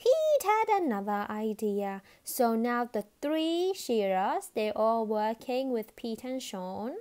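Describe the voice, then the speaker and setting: A woman from Australia reading a picture book aloud, lively and expressive, stopping now and then to ask her young listeners questions. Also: fairly high pitch, takes it slowly, smooth. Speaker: storybook reader.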